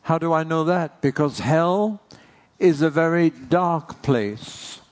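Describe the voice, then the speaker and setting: Slow, earnest male preacher. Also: a little high. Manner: slow, earnest, asks rhetorical questions. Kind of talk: sermon.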